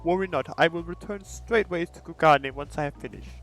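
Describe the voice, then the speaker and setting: A man voicing a self-assured, smooth-talking male merchant with a grandiose, showman-like delivery, sometimes tripping over words. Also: a little high, brisk, fairly bright tone, soft background music, lightly acted.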